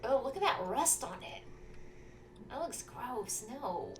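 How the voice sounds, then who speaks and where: A woman's voice: fairly high pitch, very animated, slow pace, a little hiss or hum, rough recording. A woman casually commenting while playing a video game, joking and reading lines aloud. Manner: playful, jokey, reads game dialogue aloud in put-on accents. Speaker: gameplay commentator. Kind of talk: casual let's-play chat.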